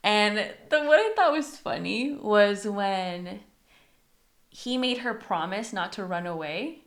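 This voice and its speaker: A woman's voice: medium pitch, slow. A woman co-hosting a book podcast, retelling scenes in casual chat and acting out the characters' lines. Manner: animated, acts out characters' lines while retelling.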